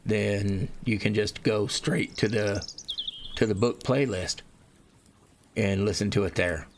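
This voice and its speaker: A man's voice: lowish voice, takes it slowly, slight background noise. A man reading his own book as an amateur narrator, talking loosely, swearing casually and stumbling over repeated words into a desktop microphone at home. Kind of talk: casual, unscripted intro then book narration. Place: home recording setup, desktop audio.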